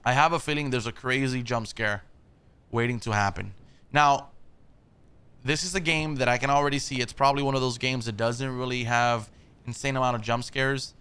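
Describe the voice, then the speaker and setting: A man's voice: medium pitch, fairly even intonation, moderate pace, bright, forceful tone, clean tone. A man hosting a horror game playthrough, chatting casually, jumpy, swearing and talking back to the characters. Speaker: gaming video host.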